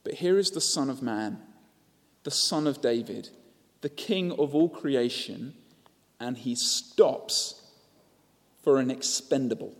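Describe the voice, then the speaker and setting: A man's voice: medium pitch, slow pace, long reverb tail. A man preaching a sermon, telling the story and asking rhetorical questions.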